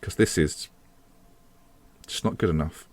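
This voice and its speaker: A man's voice: a bass voice, measured pace, darkish tone. A man giving casual commentary on his football management game, chatty and self-mocking, swearing when things go wrong. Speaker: gaming video host.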